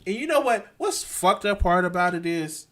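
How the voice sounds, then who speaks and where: A man ranting angrily to his viewers, swearing a lot, stumbling over restarts and swinging between quiet and loud. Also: high-pitched, expressive. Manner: profane, halting, many restarts. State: angry and frustrated. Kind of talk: angry unscripted rant.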